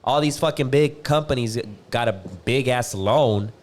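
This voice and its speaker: A man's voice: medium pitch, unhurried. A man hosting a podcast, asking loose, rambling questions in a profane, casual way. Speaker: podcast host. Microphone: podcast studio mic.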